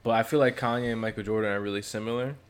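A man co-hosting a podcast in casual chat, slangy and quick to laugh. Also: on the low side, clean tone. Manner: laughing, slangy, animated banter. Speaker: podcast co-host.

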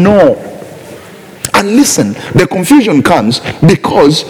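A man preaching a sermon, emphatic, swinging from soft asides to shouted lines. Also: high voice, huge pitch swings, measured pace. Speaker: pastor. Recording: reverberant hall.

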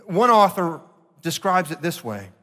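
A male pastor delivering an earnest sermon, slowing down to stress key points. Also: sits high, sing-song, pushed and bright. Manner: earnest preaching, slowing for emphasis. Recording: long reverb of a large hall.

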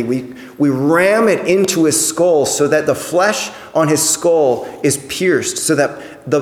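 A man preaches a Sunday homily, earnest and conversational, often doubling back on his words. His voice sits on the higher side. It rings out with the long, roomy echo of a church. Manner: earnest, conversational, repeats words when restarting. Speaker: priest. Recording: echoey church with long reverb.

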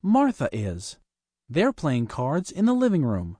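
A speaker reading slow question-and-answer drills for a language lesson. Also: mid-range voice, huge pitch swings.

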